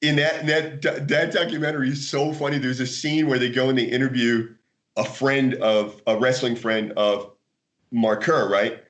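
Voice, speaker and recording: An American man, a guest author in a casual interview, telling animated stories with frequent laughter and restarts. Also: mid-range voice, moderate pace. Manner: animated storyteller, laughs often, many restarts. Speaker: guest, martial arts author.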